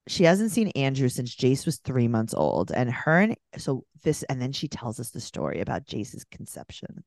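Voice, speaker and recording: Woman, podcast co-host, low voice, casual recap chat, animated impressions, dry close mic. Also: normal speed, no echo. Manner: animated, mimics people in quoted voices.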